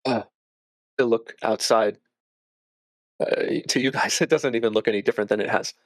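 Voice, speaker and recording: A man's voice: mid-range voice, steady tone, dry recording. A man narrating a tabletop game. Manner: measured, earnest, lightly hesitant. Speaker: game master.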